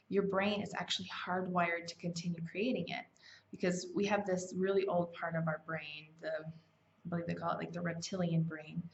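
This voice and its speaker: A woman's voice: fairly low pitch, vocal fry. A woman hosting a self-help challenge, talking in a casual, conversational way with fillers and self-corrections. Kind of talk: casual motivational teaching. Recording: slightly dull, lo-fi sound.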